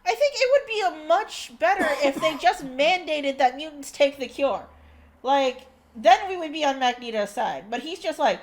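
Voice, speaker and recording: Joking higher-voiced woman co-host. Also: animated, moderate pace. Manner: joking, with short quips and backchannel agreement. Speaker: podcast co-host. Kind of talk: casual podcast chat.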